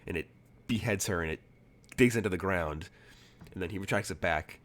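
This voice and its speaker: A man's voice: sits low, fairly quick, a bit bright. A man narrating as game master, rambling with many fillers and restarts.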